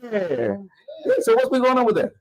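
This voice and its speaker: Male talk-show host, jokey, high-energy banter, studio. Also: normal speed, poor audio. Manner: animated, joking, hypes up the guest.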